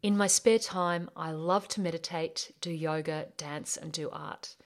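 A woman's voice: low voice, steady tone, unhurried. Upbeat Australian woman hosting a podcast. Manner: earnest, upbeat motivational delivery. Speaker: podcast host and life coach. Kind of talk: scripted podcast introduction.

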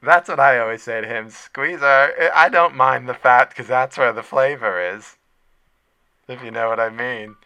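A man putting on the voice of a doting, flirty middle-aged lunch lady, high and sugary. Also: moderate pace, pushed and bright, clean tone, no echo. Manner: sugary, fawning, teasing.

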